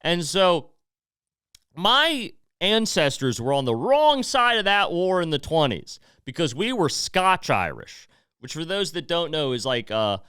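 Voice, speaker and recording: An American man hosting a podcast in a loose, rambling way, full of asides and fillers. His voice is smooth and clear, and his pitch moves a lot. The sound is close and dry, with no room echo. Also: very animated, measured pace, bright, forceful tone. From United States. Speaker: podcast host. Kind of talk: casual news commentary.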